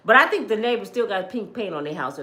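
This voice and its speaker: Blunt, animated woman telling stories. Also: mid-range voice, quick pace, reverberant. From Michigan. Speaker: livestream host. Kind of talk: casual storytelling to viewers.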